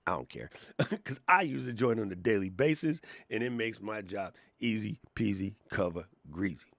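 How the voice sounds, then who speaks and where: A man hosting a live creator Q&A stream, talking in an animated, slangy, chatty way. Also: on the low side, moderate pace, creaky, dry recording. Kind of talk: casual live-stream chat.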